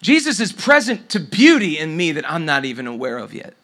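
A man's voice: a little high, wildly swooping pitch, fairly quick, sharp tone. A middle-aged man preaching a sermon, telling a story and dropping to a near whisper at tender moments. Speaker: pastor.

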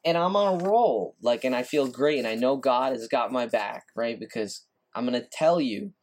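A man's voice: medium pitch, normal speed. Frustrated man ranting on a podcast. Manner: frustrated, repetitive, ranting, swearing. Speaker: podcast host. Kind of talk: casual solo podcast rant.

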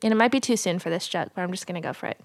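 A young adult woman co-hosting a casual Bible discussion podcast, telling the story with lively put-on voices for the people in it. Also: on the low side, very fast, gravelly, dry recording, clean studio sound. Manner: animated storyteller, acts out voices in quotes. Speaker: podcast co-host.

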